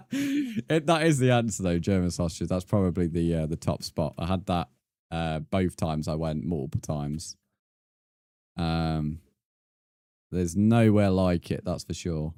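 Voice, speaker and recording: A man's voice: low-pitched, animated, moderate pace, long pauses, mellow, dry recording, clean studio sound. A young man streaming a game, casually reading out and answering his chat with frequent laughs. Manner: chatty, reads and answers chat messages, laughs often.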